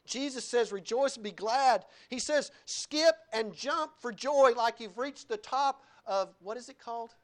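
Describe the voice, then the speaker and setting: A male pastor preaching a sermon, animated, with laughing asides and wide swings in pitch and loudness. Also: measured pace, few pauses.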